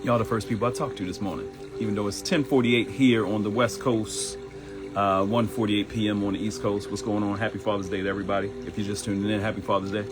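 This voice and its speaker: A middle-aged man from Baltimore hosting a live stream, animated and chatty, greeting viewers by name and joking. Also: on the low side, quick pace, loud music behind the voice. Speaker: live show host. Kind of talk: live-stream casual chat.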